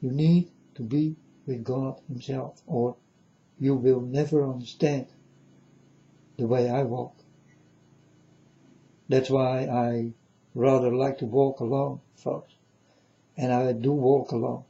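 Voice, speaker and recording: Slow, dark-voiced man in a lo-fi monologue. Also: mid-range voice, fairly even intonation, gravelly. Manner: solemn, repetitive, keeps addressing "folks". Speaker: self-styled prophet. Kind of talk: rambling spoken monologue to viewers.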